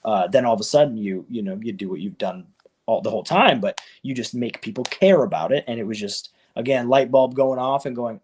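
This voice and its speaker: A man in his thirties, a wrestler guest in a casual interview, telling stories with lively quoted back-and-forth. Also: mid-range voice, fairly quick, slightly rough. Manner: animated storyteller, acts out quoted exchanges.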